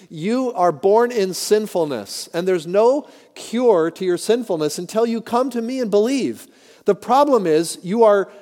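A man's voice: high-pitched, warm tone, big-room sound. A man preaching a sermon as pastor, emphatic and speaking directly to his congregation.

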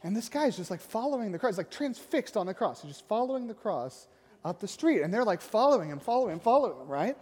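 A man's voice: high-pitched, sing-song, quick pace, a little mellow, husky. A man, a youth pastor, telling a story in a casual sermon and often tagging lines with "right?". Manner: conversational, keeps asking "right?". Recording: long echoing hall reverb.

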